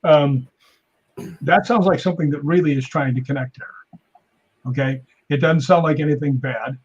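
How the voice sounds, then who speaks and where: This stuntman and paranormal investigator, a podcast guest, speaks at a moderate pace with a breathy edge, and the recording has its highs cut off. He tells his stories casually and animatedly, lifting his pitch to perform quoted lines.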